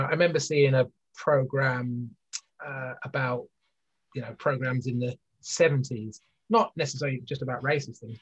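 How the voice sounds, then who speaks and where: A business leader appears as an interview guest, rambling earnestly with many fillers and restarts. His medium-pitched voice is slightly rough and comes through a lo-fi recording.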